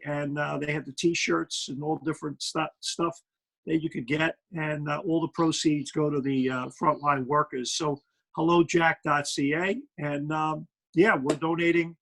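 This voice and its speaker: A man's voice: a little high, creaky, a bit bright, low-quality recording. A middle-aged man with a Brooklyn accent, a basketball analyst chatting as an interview guest, rambling with plenty of fillers. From Brooklyn, New York. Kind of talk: casual interview.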